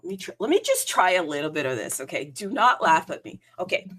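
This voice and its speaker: A woman's voice: on the low side, sing-song, quick pace, a bit bright. A woman hosting a solo crypto livestream, chatty and bubbly, rambling with lots of fillers and asides. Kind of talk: casual solo livestream chat.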